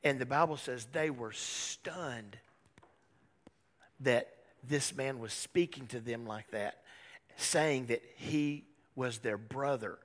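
A male pastor telling a story in a sermon, swinging dramatically from loud to a hushed whisper. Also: medium pitch, slow, in a large hall.

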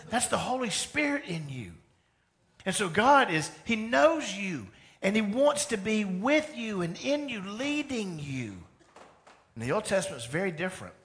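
A male pastor preaching to his church with a lively, conversational delivery. His voice sits a little higher than most men's, and he slips into acted-out dialogue as he goes. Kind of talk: sermon. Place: church sanctuary.

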